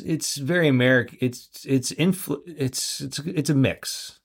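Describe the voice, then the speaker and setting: A man from Central Florida co-hosting a podcast, chatting casually with frequent halting restarts. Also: medium pitch, vocal fry, breathy edge. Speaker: podcast co-host. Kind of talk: casual chat.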